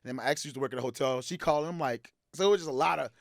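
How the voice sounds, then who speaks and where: A man telling a story as a podcast guest, animated, acting out quoted lines loudly and laughing as he goes. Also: on the high side, very fast, creaky, no echo, studio quality. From Texas. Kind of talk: casual storytelling. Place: podcast studio.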